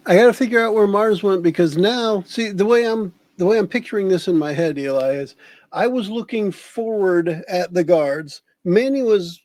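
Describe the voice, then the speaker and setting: A man's voice: high voice, moderate pace, darkish tone, dry recording. A man playing in a tabletop game, chatting casually and laughing easily as he explains his moves. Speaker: player.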